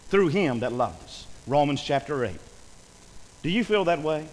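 A man preaching a fervent sermon, often shouting and repeating phrases for emphasis. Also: a little high, sing-song, moderate pace, big-room sound, low-quality recording.

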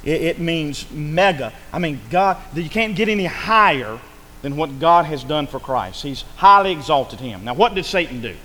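A man preaching a sermon in an emphatic way, swinging between loud calls and quiet lines and asking for amens. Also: fairly high pitch, expressive, normal speed, rough recording.

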